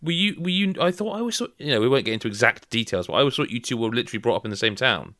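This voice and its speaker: A man co-hosting a casual podcast chat, animated and playful, often stumbling over restarts. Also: medium pitch, rapid-fire, no echo, clean studio sound. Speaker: podcast co-host.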